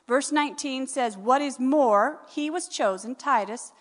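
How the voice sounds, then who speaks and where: A woman preaching a sermon in a church, animated and rising to emphatic peaks. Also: high-pitched, measured pace. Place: church sanctuary. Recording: long reverb of a large hall.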